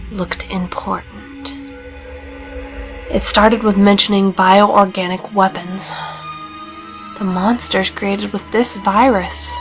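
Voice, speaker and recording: A woman narrating a fan-made game story in the first person, dramatic, slipping into whispers for inner thoughts. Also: fairly low pitch. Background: background music.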